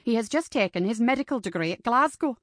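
A woman voicing a lively, chatty married lady who talks in an animated, gossipy way. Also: a little high, fast talker, no room sound, studio quality.

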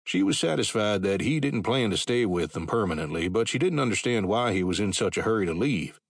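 A man narrating a western audiobook in a fairly low voice. He reads in a steady, measured way, and the sound is dry and close to the mic. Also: vocal fry, no echo. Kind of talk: scripted narration.

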